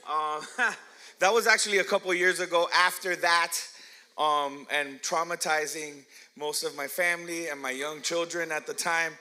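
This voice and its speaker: A man's voice: fairly high pitch, fairly even intonation, moderate pace, pushed and bright. A middle-aged man pastor telling playful, self-mocking stories in a sermon, laughing often and asking the crowd questions. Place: church hall.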